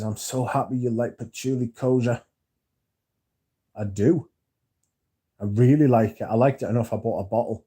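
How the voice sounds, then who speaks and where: A man's voice: mid-range voice, dark tone, breathy edge. A man hosting a casual livestream, reading viewer comments aloud and swearing freely as he chats. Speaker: livestream host reading chat. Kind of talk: casual livestream chat about perfume.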